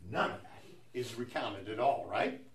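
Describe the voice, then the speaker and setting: A man's voice: mid-range voice, lively intonation, normal speed, fairly bright tone, a little hiss or hum. A man leading a Bible study, explaining scripture in a conversational way and often asking rhetorical questions. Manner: conversational, asks rhetorical questions with frequent "right?".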